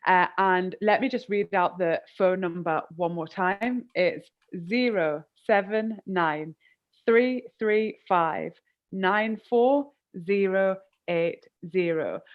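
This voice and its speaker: A woman's voice: medium pitch, takes it slowly. A woman hosting a fundraiser, making an earnest, rallying appeal. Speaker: fundraiser host. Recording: dull lo-fi stream audio.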